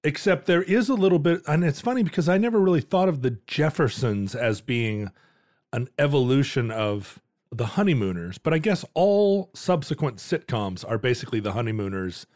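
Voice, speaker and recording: A man's voice: medium pitch, lively intonation, moderate pace, darkish tone, no echo. A man co-hosting a podcast, earnest with dry asides in casual chat.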